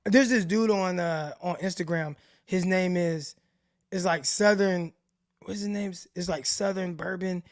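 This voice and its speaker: A man's voice: high voice, a little slow, dry recording, studio quality. A man hosting a casual livestream sports show, talking loosely with frequent restarts and side tangents. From Stockton, California. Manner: rambling, loose, restarts sentences.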